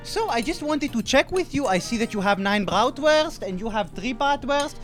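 A scheming French faux-waiter. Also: male voice, very high voice, lively intonation, moderate pace, soft background music. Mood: sarcastic. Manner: overly polite, theatrical, mock-French phrasing. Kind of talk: comedy audio sketch.

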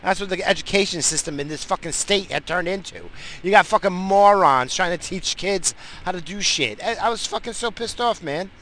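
A man's voice: high voice, moderate pace, sharp tone, a little hiss or hum, rough recording. A man, a father talking blunt and profane in a rambling rant while he drives. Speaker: father vlogging while driving. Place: in a moving car.

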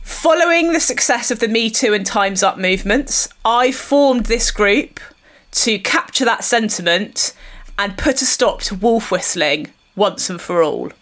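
A woman, co-hosting a comedy podcast, pitching an absurd protest stunt with mock-earnest conviction. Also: lively intonation, unhurried, fairly bright tone. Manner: earnest mock-activist delivery, breaks into laughter.

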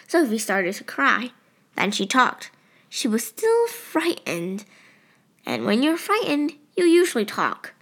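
A woman narrating a novel in a steady, expressive storytelling manner. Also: fairly high pitch, slow pace. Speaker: audiobook narrator. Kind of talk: scripted narration.

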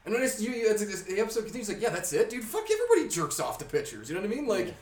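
A young man in casual podcast chat, retelling a story with heavy swearing, frequent laughter and rising excitement. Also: high voice, racing, far from the mic. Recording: roomy sound from off mic.

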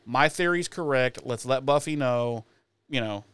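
A man's voice: mid-range voice, unhurried, fairly bright tone, smooth, no room sound. A man co-hosting a podcast, joking and swearing casually while recapping an episode. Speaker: podcast co-host.

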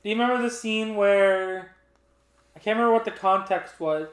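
A man with a high voice talks casually about a film he watched, retelling its scenes in an animated way. The room is echoey around him. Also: moderate pace. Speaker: podcast co-host. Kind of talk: casual movie chat.

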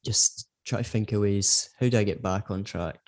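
Guy in his middle years, lowish voice, rambling a bit on a podcast. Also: moderate pace. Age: middle-aged. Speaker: podcast co-host. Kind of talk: casual chat.

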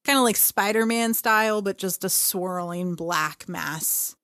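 A young woman and podcast co-host telling a story in casual chat, animated and full of fillers, acting out her own reactions. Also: mid-range voice, unhurried, no echo, clean studio sound.

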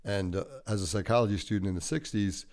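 A man co-hosting a podcast, talking in a relaxed, rambling and jokey way. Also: on the low side, fast talker. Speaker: podcast co-host. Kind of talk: casual podcast chat.

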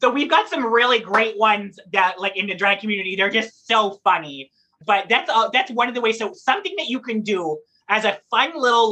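A woman who performs in drag and reads at story time, chatting in a lively, playful interview and laughing often. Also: mid-range voice, husky.

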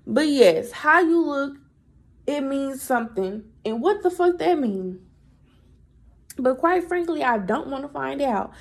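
A young adult woman hosting a podcast, telling a story in a chatty, animated, profane way. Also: high voice, unhurried. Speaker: podcast host. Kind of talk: casual storytelling monologue.

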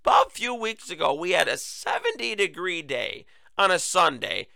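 Sarcastic guy with a cough doing his political radio show, raspy and kinda high voiced. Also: huge pitch swings, moderate pace, pushed and bright, dry recording. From United States. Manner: sarcastic, mocking, conversational asides to "folks". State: recurring cough. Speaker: political talk show host. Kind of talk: solo opinion commentary.

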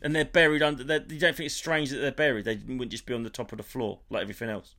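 A man's voice: medium pitch, racing. A man co-hosting a casual podcast, rambling playfully through odd theories. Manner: animated, rambling, playful conspiracy musing. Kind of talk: casual chat.

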